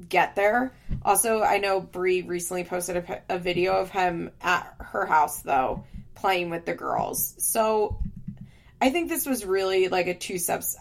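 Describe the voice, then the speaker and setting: Gravelly-voiced woman chatting frankly. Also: on the low side. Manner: frank and opinionated, swears casually, fillers like "like". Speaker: reality TV recap host. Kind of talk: casual recap chat.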